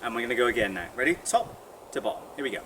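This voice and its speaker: Relaxed man leading a vocal warm-up. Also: mid-range voice, rapid-fire. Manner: encouraging, relaxed and chatty. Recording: distant mic with audible noise.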